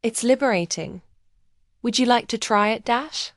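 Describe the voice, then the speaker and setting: A woman's voice: fairly high pitch, normal speed, dry recording, clean studio sound, lightly acted. A woman reading as a free-spirited painter in her fifties. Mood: enthusiastic. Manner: warm, direct, encouraging.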